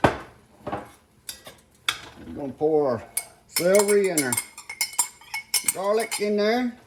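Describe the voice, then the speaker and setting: A man's voice: high-pitched, lively intonation, slow, background noise. An older man, chatting folksily to viewers as he cooks at home. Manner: folksy, talks to viewers as "guys" while working. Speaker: home cook. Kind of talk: casual cooking demonstration. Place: home kitchen. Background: faint sizzling and clatter of pots.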